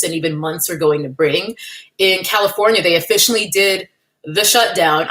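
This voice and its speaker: Young adult woman, livestream host, casual and wry, mid-pitched, laughs easily. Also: a bit bright. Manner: chatty and wry, laughs often, greets chat by name. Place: at home in California.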